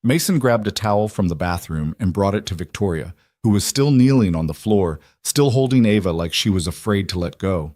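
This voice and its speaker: A man with a low voice narrating a scripted story in a calm, even way. The recording is dry and close, with no room sound. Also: a little fast, few pauses, no echo.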